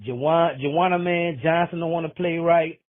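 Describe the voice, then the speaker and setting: A man's voice: a little high, fairly even intonation, moderate pace. A man leaving a rambling, joking voicemail full of slang. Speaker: voicemail caller. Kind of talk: casual phone message. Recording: tinny phone line.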